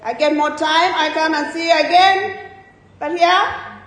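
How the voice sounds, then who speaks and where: A woman's voice: extremely high pitch, steady tone, a little slow, fairly bright tone. A woman voicing a laid-back Australian bloke who drawls and rambles, in a very echoey church hall. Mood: easygoing. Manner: drawling, hesitant, meandering answers.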